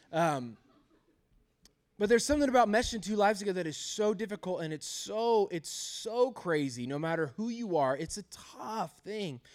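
A male pastor preaching a sermon, telling humorous, self-deprecating stories about his marriage and laughing often. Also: on the high side.

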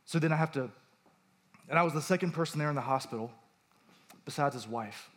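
A man's voice: fairly high pitch, fairly quick, a bit bright. A man in his thirties, a pastor, preaching a conversational sermon with personal stories and emphatic rises.

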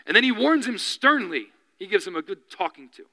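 High-voiced male preacher in a reverberant hall. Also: very animated, a little fast, bright, forceful tone. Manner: earnest, building to impassioned appeals. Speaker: pastor. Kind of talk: sermon.

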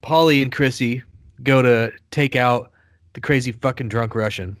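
Male podcast co-host, casual rambling recap, mid-pitched voice, dry close sound. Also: moderate pace, dry recording. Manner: rambling, swears, restarts with laughs. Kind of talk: casual chat, recapping a TV show.

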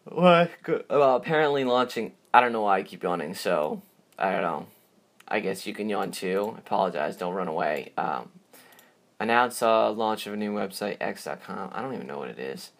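A man with a somewhat low voice talks through his ideas on his own podcast. He meanders, circles back, and repeats words as he gathers his thoughts, in a loose, casual way. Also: animated, normal speed, fairly bright tone. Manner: rambling, repeats words, yawns, drifts off track. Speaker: podcast host. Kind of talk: casual solo podcast talk.

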